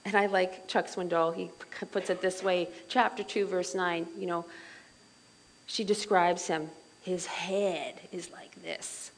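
A middle-aged woman leading a Bible study group in a chatty, animated way, full of asides and fillers. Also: fairly low pitch, a little slow, poor audio.

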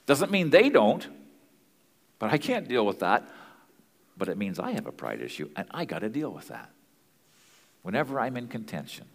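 A man's voice: fairly low pitch, huge pitch swings, a little fast, vocal fry, long pauses, in a large hall. A man teaching as a pastor and marriage counselor, earnest and plain-spoken in a conversational way.

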